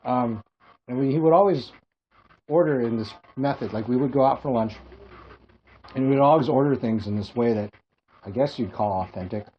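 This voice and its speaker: A man's voice: mid-range voice, normal speed, long pauses, slight background noise. A man from Hawaii co-hosting a podcast, telling rambling comic stories in casual chat and laughing at his own jokes. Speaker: podcast co-host. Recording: dull lo-fi podcast audio with faint music.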